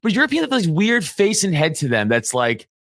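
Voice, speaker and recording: Podcast co-host, a man, crude and rambling, laughs often, high-ish voice, dry close sound. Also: sing-song, fairly quick, fairly bright tone, no room sound. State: sleepy. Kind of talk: casual chat.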